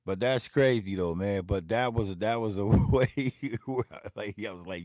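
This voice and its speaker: A man's voice: on the low side, animated, moderate pace, hardly any pauses, darkish tone, no echo. A man telling a long, rambling, profane story in his home music studio, repeating himself as he goes. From Philadelphia. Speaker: beatmaker and vlog host. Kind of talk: casual storytelling to camera.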